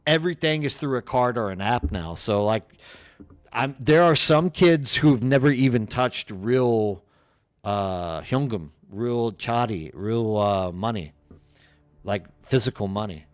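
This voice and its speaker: A man with an East Texas accent rambles through a casual live stream. He reads the chat aloud, trails off and restarts. His voice sits at a middling pitch and is recorded close and dry on a streaming mic. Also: expressive, unhurried, no room sound.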